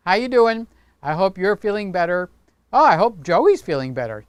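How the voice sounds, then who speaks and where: Playful male livestream host who chats with viewers; smooth tone, dry close sound. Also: high voice, big pitch swings, moderate pace, no echo. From Greek heritage. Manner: chatty, playful, talks with his hands. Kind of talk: casual livestream chat.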